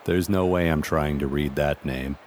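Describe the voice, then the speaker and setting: A man voicing a sarcastic, bored announcer at a convention, deadpan in tone. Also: very deep voice, normal speed, slight background noise, voice pushed down.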